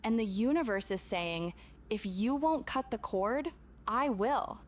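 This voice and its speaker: Lively-voiced woman channeling a spiritual message. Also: on the high side. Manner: earnest, intimate, emphatic repetition. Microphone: camera.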